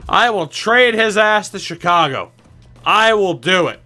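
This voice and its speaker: A man's voice: sits high, expressive, measured pace, sharp tone, faint music behind. A man commentating a video game he plays, exasperated and pleading, swearing often, with sarcastic asides. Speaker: gaming channel host.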